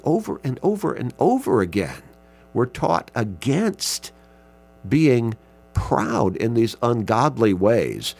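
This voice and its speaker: Slow, gravelly man teaching a Bible class. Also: fairly low pitch. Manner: slow, measured, reads scripture aloud with emphasis. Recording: mains hum in background.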